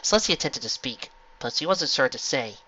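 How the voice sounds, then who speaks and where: A man reading a fan fiction story aloud with expressive narration. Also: medium pitch, a little fast, a little hiss or hum. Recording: lo-fi home recording.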